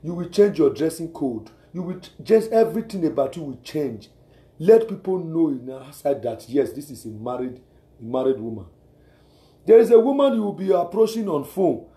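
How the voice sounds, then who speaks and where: This slightly high, mellow male voice is very animated, at normal speed, in a roomy-sounding space. Speaking with a Nigerian accent, he hands out repetitive, exhortative advice in a preachy style, with rhetorical questions checking whether his listeners understand.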